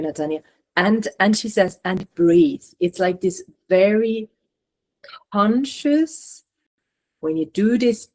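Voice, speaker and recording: A woman channeler giving a reading, gently relaying messages with reassuring, filler-filled speech. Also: mid-range voice. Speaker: spiritual channeler and regression therapist.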